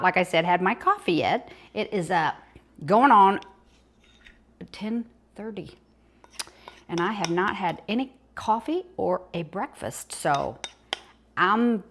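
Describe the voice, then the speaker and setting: A woman's voice: mid-range voice, lively intonation, a little slow, long pauses, background noise. An older woman with a Southern US accent, chatting folksily through a casual home cooking demonstration. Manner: chatty, folksy, talks while eating.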